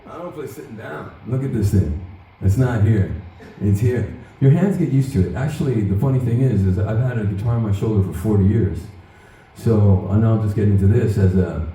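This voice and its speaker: A middle-aged guitarist giving a workshop, telling loose, profane, animated stories to an audience. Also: male voice, fairly low pitch. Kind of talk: casual storytelling to an audience. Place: large event hall at a guitar show. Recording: echoey hall from far off.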